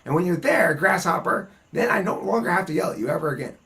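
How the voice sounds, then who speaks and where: A man hosting a casual group discussion, talking bluntly and profanely in an animated, ranting way. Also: sits high, fast talker, gravelly, background noise. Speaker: host.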